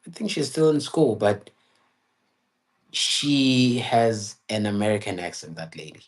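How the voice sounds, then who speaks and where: A man from South Africa who works as a delivery driver, chatting casually and telling a story with halting restarts. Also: lowish voice. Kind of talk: casual chat.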